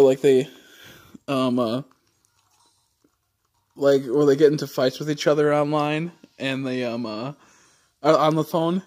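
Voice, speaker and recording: A man's voice: fairly high pitch, a little mellow. A man livestreaming, chatting casually and rambling with many fillers and casual swearing.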